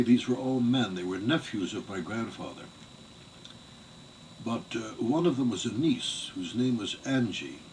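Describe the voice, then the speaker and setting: An older man giving an oral history interview, telling family memories in a measured, digressive way. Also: fairly low pitch. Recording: distant mic with faint background noise.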